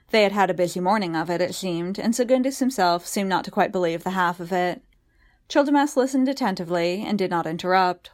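A woman with a lowish voice reading fiction aloud. She narrates in a measured, even manner, steady and unhurried in the style of an audiobook.

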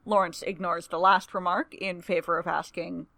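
Woman narrator, expressive storybook reading, dry close sound. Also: lowish voice, normal speed, few pauses, no room sound.

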